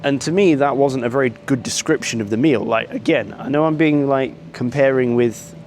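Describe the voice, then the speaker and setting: Man, casual vlog storytelling, rambling complaints, lots of ums, middle pitch, faint background hiss. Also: normal speed, darkish tone. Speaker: travel vlogger.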